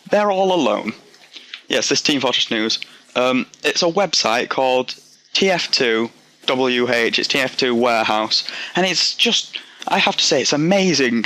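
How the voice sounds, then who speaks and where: A man's voice: medium pitch, sharp tone. A young man with a Yorkshire accent giving rambling, self-deprecating commentary over gameplay, drifting off onto tangents. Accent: Yorkshire English. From Yorkshire, England. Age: young adult. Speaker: gaming commentator. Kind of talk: casual game commentary.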